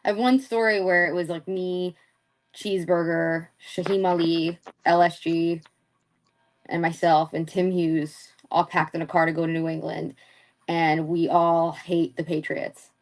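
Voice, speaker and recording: A young woman from the Philadelphia area, a former wrestler, chats loosely as an interview guest. Her voice sits on the low side with little pitch movement and a measured pace, and she laughs often and swears freely.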